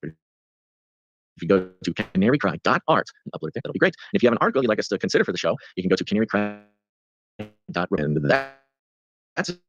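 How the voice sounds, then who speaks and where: A man's voice: fairly low pitch, sing-song, quick pace, long pauses, dull audio, a little hiss or hum. A man co-hosting a podcast, upbeat, who reads listener submissions aloud with a playful lilt. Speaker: podcast co-host. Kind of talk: casual chat and reading listener submissions.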